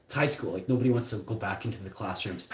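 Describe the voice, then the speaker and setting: A man's voice: on the low side, fast. A young man telling a story in a casual, rambling, profane way. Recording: roomy echo.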